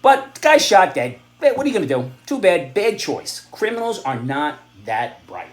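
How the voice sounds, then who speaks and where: A middle-aged man in a blunt, sarcastic opinion monologue, now and then rising to loud outbursts. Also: high voice, very animated, normal speed, echoey room. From New York area. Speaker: vlogger giving opinions and advice.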